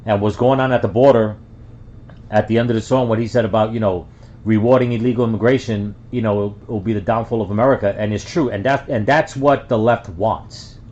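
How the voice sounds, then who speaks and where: A man's voice: fairly low pitch, fairly even intonation, brisk, a little mellow. A man from the Bronx giving casual reaction commentary, rambling with many fillers and restarts. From the Bronx, New York. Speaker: reaction video host. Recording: dull lo-fi sound.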